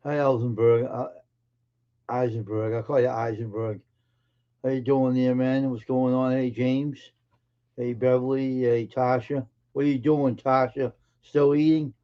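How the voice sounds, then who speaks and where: A man of middle pitch hosts a live stream, greeting viewers by name in casual chat. He teases them in an offhand way, and the sound is dull and lo-fi. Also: level tone, measured pace, clean tone.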